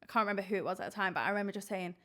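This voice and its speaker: A woman's voice: mid-range voice, racing, sharp tone. A young woman hosting a podcast, chatting in an effusive, affectionate way and laughing easily. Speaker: podcast host. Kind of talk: casual podcast chat.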